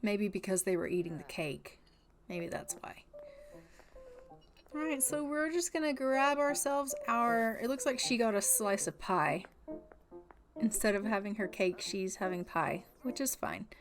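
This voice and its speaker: A woman's voice: medium pitch, lively intonation, a little slow, music in the background. A woman giving casual, chatty commentary on a life-simulation game, narrating what her characters do and playfully putting words in their mouths. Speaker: gaming channel host.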